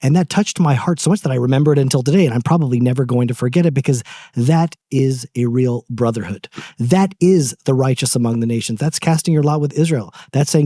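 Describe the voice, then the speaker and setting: A man's voice: medium pitch, fairly quick, mellow, no room sound, clean studio sound. A man co-hosting a podcast, speaking in an emotional, heartfelt way in casual chat. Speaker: podcast co-host.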